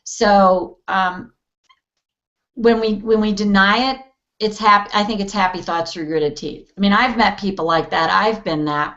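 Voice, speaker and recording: A woman's voice: medium pitch, steady tone, a little slow, a bit bright, dull audio. A woman guest in a casual interview, talking animatedly and acting out quoted voices with easy laughs. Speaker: interview guest, EFT practitioner.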